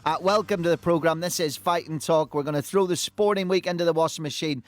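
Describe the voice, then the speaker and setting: A man hosting a sports panel show, teasing his guests with quick jokes. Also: a little high. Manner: jokey and teasing, quick asides. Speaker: host. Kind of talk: lively sports panel chat.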